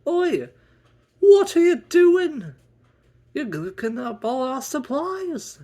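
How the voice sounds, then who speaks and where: A man voicing a cranky, bickering young woman who scolds and insults in a shrill voice. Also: sing-song, slow pace, mellow, full character voice. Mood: scolding.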